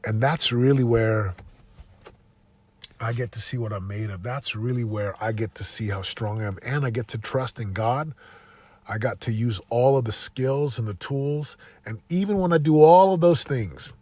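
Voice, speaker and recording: A man's voice: medium pitch, normal speed, a little mellow. A tired man giving an earnest, upbeat motivational talk while driving, often repeating phrases. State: tired, yawning. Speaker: podcast host. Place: inside a moving car.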